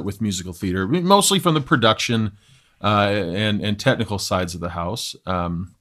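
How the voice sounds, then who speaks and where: A man's voice: on the low side, fairly bright tone. A young adult man co-hosting a podcast, chatting casually and rambling with many fillers and restarts. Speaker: podcast co-host. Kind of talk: casual chat.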